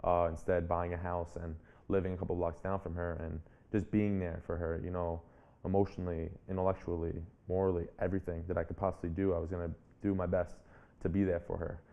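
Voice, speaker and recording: A man's voice: sits low, level tone, brisk, muffled recording. A man in his twenties, an interview guest and speaker, telling a personal story in an earnest, reflective way and often restarting his phrases. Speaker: guest, public speaker and author.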